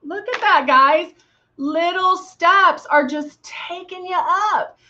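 Chatty woman doing a makeup tutorial, high voice, kinda dull lo-fi sound, goofy sound effects. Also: slow pace, bright, forceful tone, slight background noise. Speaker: makeup demonstrator.

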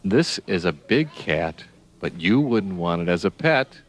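A man's voice: low-pitched, a little slow, a little hiss or hum. A man teaching young children animal names, spelling words out letter by letter and asking the listener questions.

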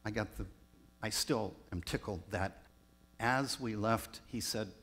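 A man, a pastor raised in Southern California, telling personal stories in a reflective sermon with pauses. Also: lowish voice, a bit bright. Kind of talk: storytelling sermon.

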